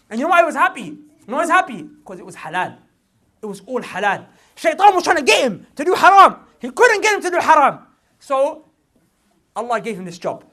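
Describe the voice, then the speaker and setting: A man giving a lively religious lecture to a young audience, repeating his points for emphasis and slipping into street slang. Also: extremely high pitch, fast talker. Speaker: Islamic preacher.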